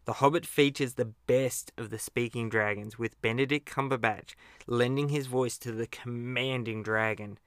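Casting: a casual host, with a clean, smooth voice recorded dry on a close mic. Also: male voice, mid-range voice, fairly even intonation, moderate pace, fairly bright tone, no echo. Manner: chatty, chuckles at his own slips. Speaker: podcast host. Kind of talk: casual movie countdown commentary.

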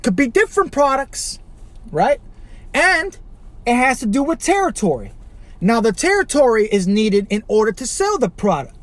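A man from Chicago hosting a podcast, ranting alone with constant swearing, rhetorical questions and sudden loud outbursts. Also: very high-pitched, big pitch swings, moderate pace, dry recording. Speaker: podcast host. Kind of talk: profane solo rant.

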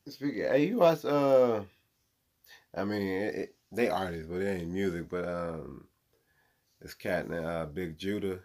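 Man, gravelly, animated, casual podcast chat, slangy, laughing. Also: low voice, measured pace.

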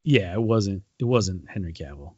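His voice sits low and sounds husky and expressive at a normal speed. He co-hosts a podcast, retelling a story in a rambling, casual manner full of ums and restarts. The recording is muffled, with no echo.

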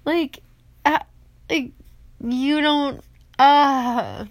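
A woman's voice: medium pitch, unhurried, fairly bright tone, no room sound. A woman in her forties hosting a podcast, talking off the cuff in an emotional, rambling way, speaking into a phone she holds. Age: 40s. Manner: emotional, rambling, tearful at times. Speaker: podcast host. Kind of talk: off-the-cuff personal monologue. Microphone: phone held in hand.

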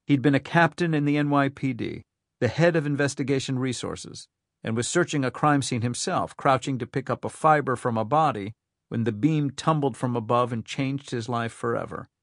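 A man narrating a thriller audiobook in a steady, even storytelling manner. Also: medium pitch, moderate pace, no echo, studio quality.

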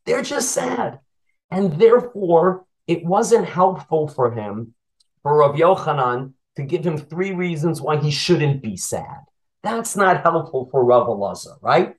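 A man's voice: on the high side, lively intonation, slow pace, a little mellow, rough recording. A man who teaches Torah, retelling a Talmud story as a lesson and asking his listeners questions as he goes.

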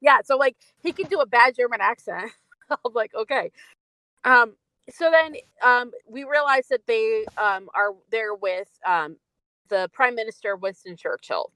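A woman's voice: fairly high pitch, measured pace, bright, forceful tone, no room sound, low-quality recording. Woman podcast co-host, chatty film recap, dry close mic. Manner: chatty, many fillers and laughs. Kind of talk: casual chat about a film.

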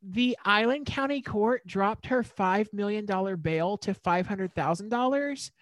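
Co-hosting a podcast, a woman recounts a case in casual conversation, telling the story with lots of fillers and restarts. Her voice is medium in pitch and unhurried, and there's no echo.

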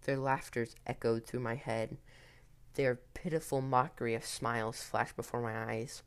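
A man telling a first-person horror story in a tense, hurried way with occasional restarts. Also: mid-range voice, fairly even intonation, smooth.

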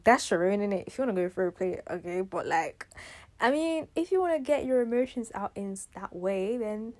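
A young woman, hosting a casual faith-based self-care podcast in an animated, slangy, emphatic way. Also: medium pitch. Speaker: podcast host.

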